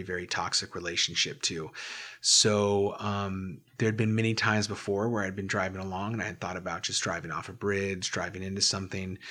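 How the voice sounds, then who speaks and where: A man in an interview, recounting his past candidly and haltingly, often restarting and repeating words. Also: fairly low pitch, sharp tone. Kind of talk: candid personal storytelling.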